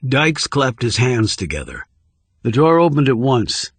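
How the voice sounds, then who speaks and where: A man narrating an audiobook thriller in an even, measured reading. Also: medium pitch, breathy edge, dry recording. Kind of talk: scripted narration.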